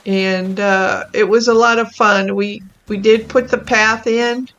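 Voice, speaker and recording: A woman hosting her own gaming channel, talking through a cozy life-sim game in a gentle, chatty and easily amused way. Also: mid-range voice, fairly even intonation, unhurried, muffled recording. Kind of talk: casual gameplay commentary.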